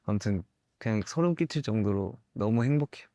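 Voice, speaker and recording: A young man, a singer, giving candid interview answers in a thoughtful, halting way with soft laughs. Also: on the low side, expressive, no echo.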